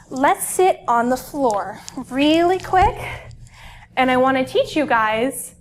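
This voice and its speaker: A young woman leading preschoolers through yoga and calming exercises, speaking in a gentle, encouraging way. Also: extremely high pitch. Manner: slow, soothing, encouraging. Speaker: children's librarian leading yoga.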